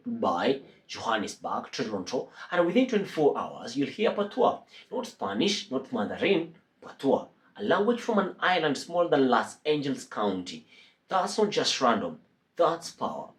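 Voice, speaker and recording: A man with a mid-range voice hosts a commentary video. He speaks conversationally, with frequent fillers like "uh" and "huh" between points. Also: mid-range voice. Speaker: commentary host. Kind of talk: casual commentary.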